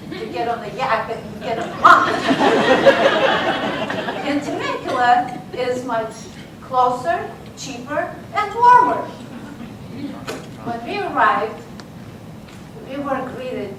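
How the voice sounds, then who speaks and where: Non-native english lady doing a comedy speech, slow and playful, far from the mic, noisy room. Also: very echoey. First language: not English. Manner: playful storyteller with sudden high squeaks. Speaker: speech contestant. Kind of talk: humorous contest speech. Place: contest hall.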